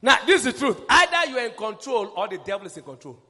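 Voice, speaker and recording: Male preacher, forceful call-and-response sermon, high animated voice. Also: fast talker, big-room sound. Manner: emphatic, rising to shouts, call-and-response.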